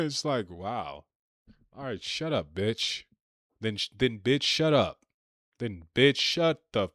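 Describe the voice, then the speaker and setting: A man's voice: on the low side, lively intonation, slow pace, fairly bright tone, dry recording, studio quality. A man giving a combative political rant, repeating himself and leaning on slang. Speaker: political commentator.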